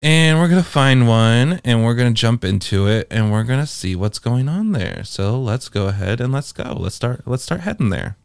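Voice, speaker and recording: A man's voice: mid-range voice, expressive, normal speed, creaky, few pauses, clear, resonant tone, dry recording, studio quality. A man giving casual, wry and profane commentary as he explores social game worlds.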